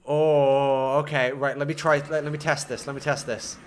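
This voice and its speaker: A man's voice: medium pitch, flat delivery, moderate pace, clear, resonant tone. A young man commenting casually on his own gameplay, muttering to himself and breaking into frustrated outbursts. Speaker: gaming streamer.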